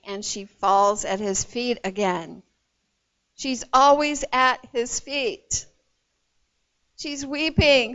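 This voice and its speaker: High-voiced woman teaching a sermon, unhurried. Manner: expressive storytelling with casual asides. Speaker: Bible teacher. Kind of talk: sermon retelling a Bible story. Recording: dull lo-fi recording.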